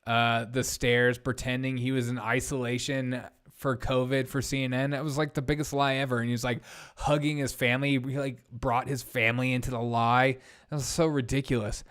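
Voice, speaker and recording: Young guy rambling on his stream, blunt and chatty, voice comes through smooth and clean. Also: mid-range voice, little pitch movement, a little fast, a bit bright. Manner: blunt, rambling, reads chat aloud. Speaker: live-stream host. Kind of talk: casual live-stream chat.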